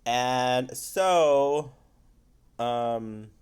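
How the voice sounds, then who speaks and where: A man's voice: mid-range voice, very slow, a little mellow, smooth. A man giving a casual spoiler review of a film, loose and rambling, with frequent swearing.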